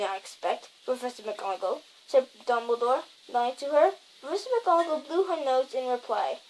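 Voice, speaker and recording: A woman's voice: sits high, slight background noise, poor audio. A woman reading a novel aloud, stumbling over words and correcting herself as she goes. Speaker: reader.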